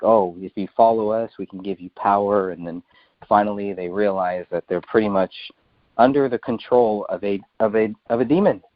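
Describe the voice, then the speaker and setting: A male host thinks aloud in a casual conversation, halting and repeating words as he goes. His voice is low. The audio is dry and dull, like a lo-fi recording. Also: no room sound.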